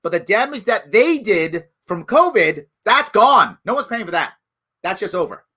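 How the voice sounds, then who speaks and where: A middle-aged man giving impassioned solo commentary as a talk show host, emphatic and preachy, dropping from outrage to low pleading. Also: very animated, moderate pace, slightly rough. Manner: emphatic and preachy, jumps from loud outrage to low hushed pleas.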